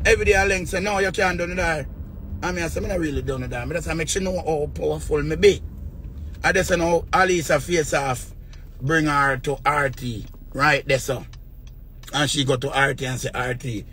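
Jamaican guy rambling on, lots of swearing, bright sharp voice. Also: medium pitch, a little hiss or hum. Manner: rambling, repetitive, swears often. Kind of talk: casual rant to viewers.

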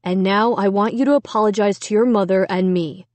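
A woman's voice: medium pitch, steady tone, a little fast, darkish tone, no room sound, close to an everyday voice. A woman reading a storybook aloud, voicing an angry, stern father who scolds his daughter in a firm, controlled way. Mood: grumpy firm.

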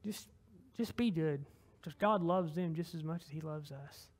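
A man's voice: fairly high pitch, a little slow, a little mellow. A young man with a Southern US accent giving an informal church sermon and closing prayer, folksy and rambling, self-deprecating, with frequent restarts. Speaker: lay preacher.

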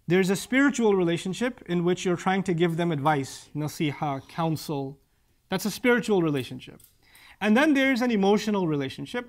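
A middle-aged man giving a conversational religious lecture to parents, acting out the voices of the people he quotes. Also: high voice. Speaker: Islamic speaker.

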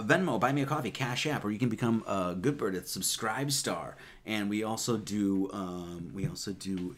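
A man's voice: fairly low pitch, fairly bright tone. A man giving a loose, rambling sermon, counting numbers aloud with many fillers and casual asides. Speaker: preacher.

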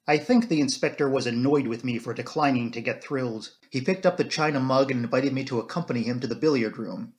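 A man narrating a classic mystery novel in a measured storytelling manner. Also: mid-range voice. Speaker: audiobook reader. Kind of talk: scripted narration.

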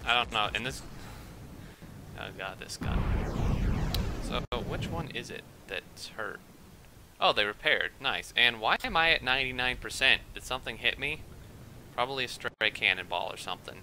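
A young man giving rambling, excitable gameplay commentary at his computer, quick to get worked up. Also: mid-range voice, background noise. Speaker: let's play gamer.

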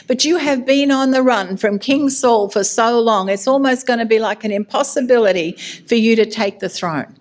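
A woman's voice: fairly high pitch, moderate pace, hardly any pauses. A middle-aged woman giving a sermon as a minister, candid and self-mocking, laughing at herself as she talks.

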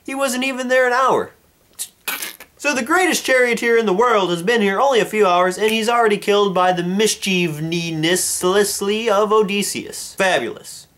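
A man's voice: high voice, moderate pace, fairly bright tone. A man giving a casual book review on his own channel, with playful jokes and asides. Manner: jokey, playful asides and mock dialogue.

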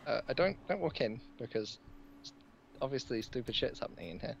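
A man's voice: mid-range voice, lively intonation, fairly quick, vocal fry, lo-fi sound, slight background noise. A man playing a tabletop role-playing game, chatting and describing what his character does. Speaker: player. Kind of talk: casual tabletop role-play.

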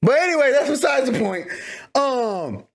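A man's voice: very high-pitched, big pitch swings, moderate pace, gravelly. A young man hosting a reaction video, chatting casually in a rambling, slangy way with laughing asides. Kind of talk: casual chat.

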